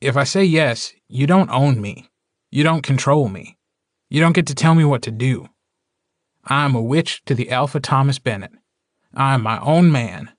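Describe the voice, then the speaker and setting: A man voicing a prickly, sarcastic young male witch in an audiobook, quick with exasperated retorts. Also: medium pitch, no echo, studio quality, lightly acted. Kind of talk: audiobook character dialogue.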